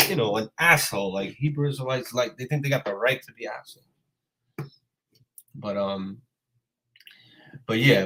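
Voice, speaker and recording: A man's voice: mid-range voice, poor audio. Exasperated, profane man on a livestream. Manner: profane, exasperated, calls out commenters. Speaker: livestream host. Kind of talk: casual livestream rant.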